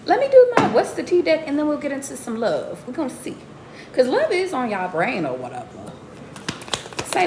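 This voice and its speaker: A woman giving a casual live tarot reading to her viewers, slangy and animated, often jumping into high excited exclamations. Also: brisk. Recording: roomy echo with faint background noise.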